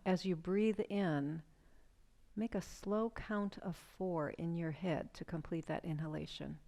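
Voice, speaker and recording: A woman with a slightly low voice guides a seated yoga breathing practice. She talks calmly and gently, inviting the listener to notice each breath. Her instructions come as soft, patient questions.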